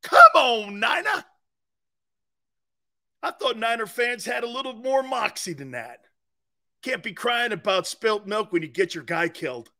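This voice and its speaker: A man hosting a sports talk show, ranting and mocking, shouting in bursts and laughing at his own jokes. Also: high voice, very animated, normal speed, vocal fry. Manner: shouts in bursts between quieter asides.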